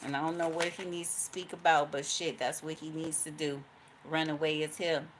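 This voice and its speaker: A woman with a notably low voice gives a casual tarot reading, swearing freely and spinning the cards into stories. She slips into the voices of the people she describes and laughs along the way. There is a faint hiss of noise under her voice. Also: flat delivery, normal speed. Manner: profane, storytelling, acts out quoted voices, laughs often. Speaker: tarot card reader.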